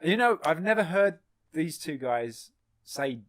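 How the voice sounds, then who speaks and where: A man's voice: fairly high pitch, very animated, measured pace. A man, co-hosting a casual podcast chat, who swears freely and repeats words as he talks. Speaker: podcast co-host.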